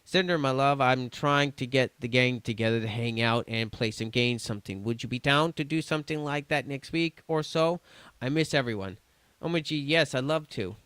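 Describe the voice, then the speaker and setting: A man's voice: medium pitch, moderate pace, a bit bright, clean tone, no room sound. A man streaming, reading chat messages aloud in a casual, stumbling way with restarts and swearing.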